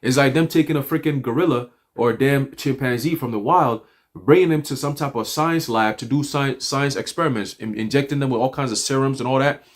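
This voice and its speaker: A man giving an animated, profane, rambling religious talk on a livestream, mixing stories with scripture. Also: mid-range voice, a little fast. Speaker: livestream speaker. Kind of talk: loose religious street talk. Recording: livestream audio.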